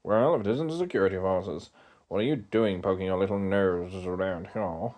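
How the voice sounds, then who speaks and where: A man's voice: sits low, moderate pace, darkish tone, close to an everyday voice. A man voicing an arrogant, mocking male villain officer in a retro video game while reading its dialogue aloud. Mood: taunting. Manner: mocking, taunting.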